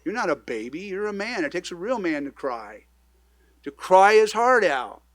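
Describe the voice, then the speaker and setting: Animated man preaching a sermon. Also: high-pitched, normal speed, dry recording, clean studio sound. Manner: conversational, animated preaching with sudden swings in loudness. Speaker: pastor. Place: church.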